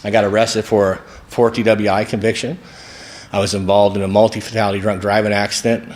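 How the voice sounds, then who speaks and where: A man's voice: lowish voice, little pitch movement, brisk. A man from St. Louis sharing his recovery story at a sobriety convention, acting out the dialogue as he goes. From St. Louis, Missouri. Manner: storytelling, acts out dialogue with rising energy. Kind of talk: recovery talk to a live audience. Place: event hall at a sobriety convention.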